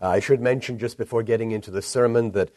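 A man delivering a recorded sermon as a pastor, measured and earnest, lifting his voice when he reads scripture. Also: mid-range voice, steady tone, dark tone, no room sound.

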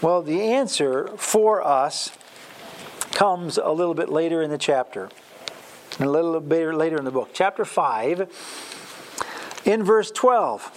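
A man's voice: fairly high pitch, expressive, measured pace, long pauses, slight background noise. A man from Wisconsin teaching a Bible lesson in a sermon style, emphatic and full of fillers and restarts.

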